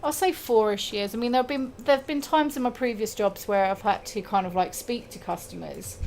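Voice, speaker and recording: Woman, game streamer, casual chat, self-mocking, fairly high pitch. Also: brisk, a little hiss or hum. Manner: chatty, giggly, self-mocking. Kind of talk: casual chat while gaming. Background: loud game music.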